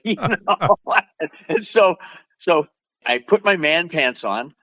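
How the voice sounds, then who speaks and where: An older man from Oregon, a martial arts instructor telling stories as an interview guest, lively and acting out quotes. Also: on the high side, takes it slowly. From Oregon, USA. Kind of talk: animated storytelling.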